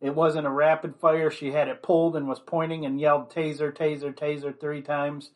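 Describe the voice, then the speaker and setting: A man's voice: fairly high pitch, level tone, moderate pace. A man giving an opinionated commentary monologue, blunt and rambling, leaning on constant "you know" fillers.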